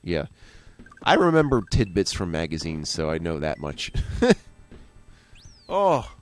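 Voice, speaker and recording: A man's voice: very deep voice, sing-song, moderate pace. A man giving casual, rambling gameplay commentary as a let's play host, joking and going off on tangents.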